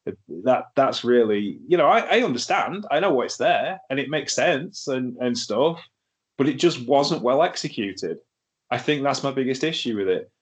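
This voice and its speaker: A chatty man talks through a wrestling show in a casual podcast review. His delivery is wry, he laughs easily, and his voice sits at an ordinary mid pitch. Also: animated, normal speed. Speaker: podcast host.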